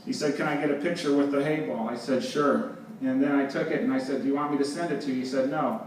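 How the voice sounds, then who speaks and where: On stage before a live audience in an event hall, this man keeps a steady tone at a quick pace and a medium pitch. His talk is full of wry stories punctuated by frequent laughter. Audio is distant and roomy, with noise in the background.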